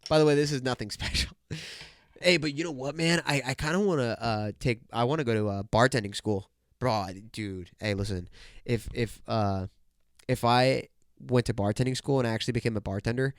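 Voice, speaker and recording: A young man in his twenties tells a story on his podcast, animated and loose, swearing and laughing as he goes. His voice is smooth and clear. The sound is close and dry, with no room in it. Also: medium pitch, no echo. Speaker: podcast host. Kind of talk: casual storytelling.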